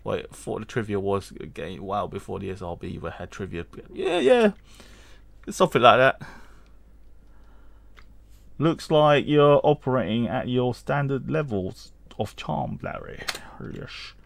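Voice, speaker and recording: A gaming channel host with a medium-pitched, sing-song, creaky voice gives casual let's-play commentary at a measured pace. He reads game text aloud and rambles, humming and chuckling along the way. There's no echo.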